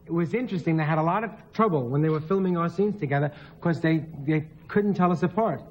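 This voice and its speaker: Excitable man with a high voice, guest on a talk show, rambling comic storyteller. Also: fast talker, muffled recording, slight background noise. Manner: rambling, excitable, laughs often, acts out voices.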